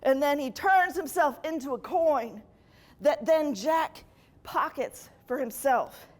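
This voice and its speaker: Slow-talking, high-voiced woman host. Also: lively intonation. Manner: playful, giggly. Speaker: comedy show host. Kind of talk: stand-up storytelling to a live audience.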